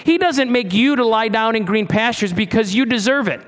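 A middle-aged pastor with a very high, slightly bright voice preaches at a moderate pace. His sermon is conversational, full of stumbling restarts and questions for his listeners.

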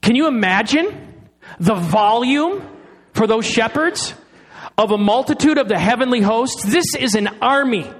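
Middle-aged guy preaching, kinda high voice, slows way down on the big lines. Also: lively intonation. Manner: dramatic pauses, slowing on key phrases. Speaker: pastor. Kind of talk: sermon.

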